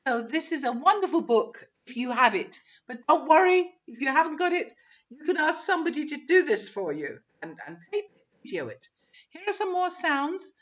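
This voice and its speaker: A woman teacher trainer leading an online webinar, encouraging and modeling pronunciation slowly. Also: sits high, big pitch swings. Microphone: video call. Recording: dull lo-fi webinar audio.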